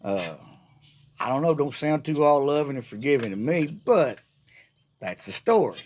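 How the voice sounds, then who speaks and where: A man's voice: medium pitch, sing-song, moderate pace, darkish tone, slight background noise. A middle-aged man, ranting sarcastically and at length in a rambling, casual monologue full of restarts. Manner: rambling, sarcastic, irreverent, repeats words. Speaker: vlogger.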